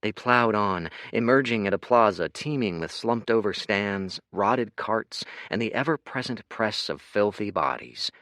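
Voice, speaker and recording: A man narrating an audiobook in an expressive, dramatic reading. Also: lowish voice, measured pace, few pauses, no room sound, studio quality.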